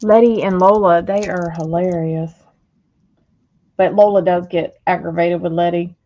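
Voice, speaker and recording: An American woman chats on a craft stream, dropping dry, unhurried comments. She speaks very slowly. The sound is muffled and lo-fi. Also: on the low side, fairly even intonation, warm tone. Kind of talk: casual chat while crafting.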